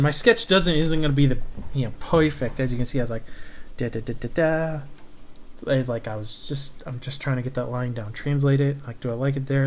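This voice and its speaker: A man who is a cartoonist, chatting casually while he inks a drawing on stream and trailing off into low-key asides to himself. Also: slight background noise. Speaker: cartoonist streaming his inking.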